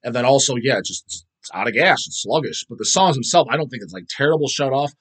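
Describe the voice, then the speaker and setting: A man's voice: mid-range voice, animated, quick pace, fairly bright tone, husky. A man hosting his own show, answering viewer questions in a blunt, rambling rant full of swearing and restarts. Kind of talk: casual profane rant. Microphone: phone.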